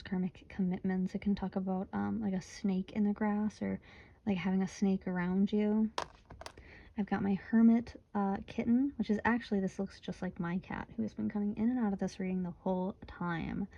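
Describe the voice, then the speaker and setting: A woman's voice: medium pitch, vocal fry, mellow, muffled recording. A woman in her twenties from Michigan, chatting casually through a tarot reading, tired and yawning. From Michigan, USA. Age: 20s. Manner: chatty, giggly, often breaks into laughter. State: sleepy, yawning. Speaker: tarot reader.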